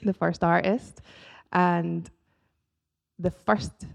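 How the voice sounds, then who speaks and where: A woman artist talking as a guest in a casual chat about faith and creativity, with a soft, gravelly voice. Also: on the low side, steady tone, drawn-out words.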